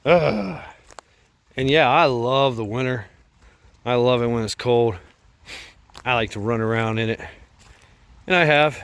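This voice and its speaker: A vlogger strolls along a creek holding his phone, talking in a relaxed, wandering way, short of breath and laughing at his own remarks. He has a mid-range, slightly bright voice, with no echo.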